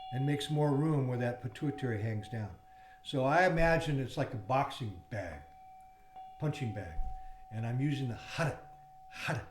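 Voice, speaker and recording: A man teaching a yoga class, explaining technique in a loose, rambling way with fillers and breaking into repeated chants. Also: medium pitch. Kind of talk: guided yoga class instruction. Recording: roomy with faint background noise.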